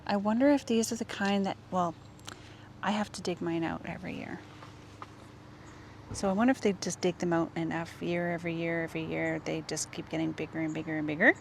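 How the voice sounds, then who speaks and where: A woman vlogging as she walks through a public garden, gushing over the plants and often dropping to a hush, recorded on a handheld camera mic. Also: fairly low pitch, steady tone, a little fast, vocal fry, slight background noise. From Canada. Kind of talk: casual walk-and-talk vlog.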